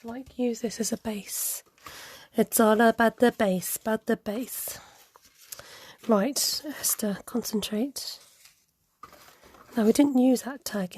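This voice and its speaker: Slow-talking woman chatting while crafting. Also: fairly high pitch, dark tone, breathy edge. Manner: chatty, muttering to herself, giggly. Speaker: craft vlogger. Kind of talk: casual chat while crafting.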